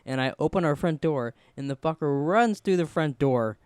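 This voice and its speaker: A man's voice: fairly high pitch, lively intonation, normal speed, darkish tone, smooth, no room sound. A young man co-hosting a podcast, rambling through stories in casual chat, acting out quotes and swearing often. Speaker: podcast co-host.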